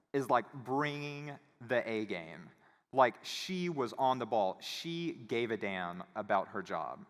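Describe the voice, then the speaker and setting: A man giving a conference talk, telling a casual, animated story and acting out the voices of the people in it. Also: mid-range voice. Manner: animated, acts out quoted voices. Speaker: conference speaker. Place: conference hall. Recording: reverberant hall.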